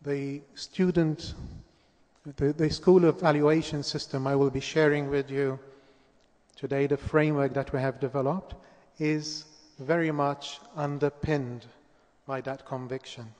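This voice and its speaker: A man giving a formal presentation at a conference, speaking in a measured way with occasional restarts. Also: a little high, fairly even intonation, a little mellow. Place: large conference hall. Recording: echoey hall, long reverb.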